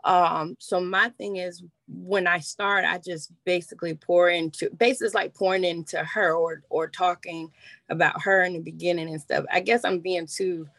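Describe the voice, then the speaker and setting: A woman's voice: lowish voice, steady tone, normal speed, gravelly, fairly bright tone, no room sound. A woman on a group call, hesitant with many fillers, asking for advice about her podcast. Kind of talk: casual question on a group call.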